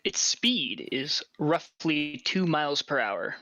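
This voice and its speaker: A man running a tabletop game as dungeon master, casually reading rules aloud with halting restarts. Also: fairly high pitch, sing-song, sharp tone, no echo, lo-fi sound.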